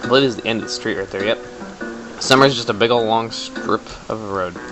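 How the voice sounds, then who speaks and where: A young man casually commenting on a video game, chatty, quick and jokey. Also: on the low side, music in the background, poor audio. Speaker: let's play commentator.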